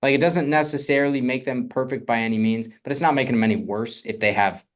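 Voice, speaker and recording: Here a young man with a mid-range voice gives a fast-paced, casual lesson on funding real estate deals. His energy stays high, and he keeps checking in with a quick "right?"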